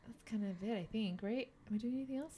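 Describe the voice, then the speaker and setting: A woman chatting on a podcast with a dry, deadpan ease. Her voice sits a little high and she sounds unhurried and relaxed about her own projects. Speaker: comedy writer and guest. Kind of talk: casual podcast chat.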